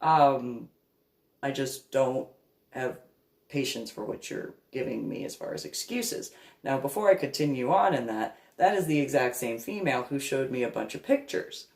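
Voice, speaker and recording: A woman speaking as a reverend, telling a story in a casual monologue, animated and repeating her words for emphasis. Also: extremely low pitch, normal speed, creaky, reverberant.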